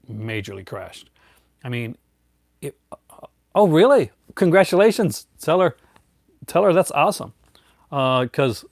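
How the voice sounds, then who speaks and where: A man's voice: mid-range voice, vocal fry, dry recording, studio quality. A middle-aged man hosting a casual live chat, rambling with many fillers and restarts and chuckling often. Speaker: host.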